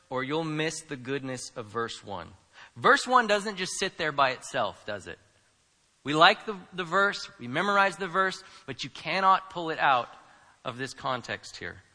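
A man preaching a sermon as a pastor, swinging between quiet asides and loud, emphatic lines. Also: fairly high pitch, big pitch swings, unhurried. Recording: preached in a room with long reverb.

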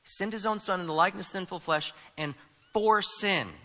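A man preaching a sermon as a pastor, swinging between quiet asides and loud, emphatic lines. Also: high voice, fairly quick. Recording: preached in a room with long reverb.

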